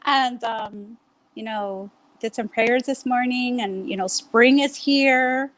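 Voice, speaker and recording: A woman co-host who works as a clinical social worker. Her voice sits a little high. She talks in an easygoing, warm and grateful way. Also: fairly even intonation, takes it slowly. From Chicana Huichol. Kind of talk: casual chat.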